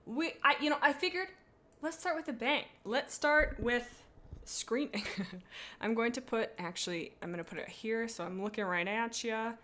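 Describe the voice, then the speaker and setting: Playful woman streamer, bright voice. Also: a little high, normal speed. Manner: playful, rambling, dramatic asides. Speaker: streamer rating viewers' cats. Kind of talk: casual livestream chat.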